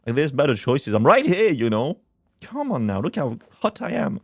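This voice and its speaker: A man's voice: on the high side, very animated, moderate pace, vocal fry, dry recording. A man streaming a game, chatting casually and crudely with a joking, laughing manner, close to a desk mic.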